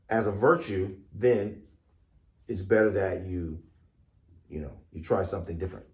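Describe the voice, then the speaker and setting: Deliberate, animated male Ifa priest. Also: lowish voice. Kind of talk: spiritual teaching with storytelling. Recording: echoey room.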